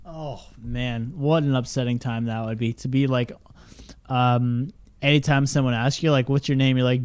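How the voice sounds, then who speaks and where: A man's voice: medium pitch, fairly even intonation, moderate pace, darkish tone, clean tone, no room sound. A young man co-hosting a comedy podcast, retelling stories and riffing goofily. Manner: storytelling, goofy riffing. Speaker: podcast co-host. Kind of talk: casual comedic chat.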